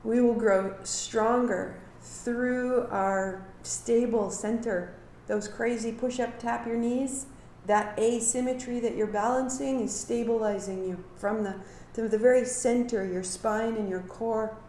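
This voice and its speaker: A woman teaching a live kundalini yoga class, giving calm movement cues and sharing earnest reflections. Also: fairly high pitch, unhurried, few pauses, slight background noise. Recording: echoey room.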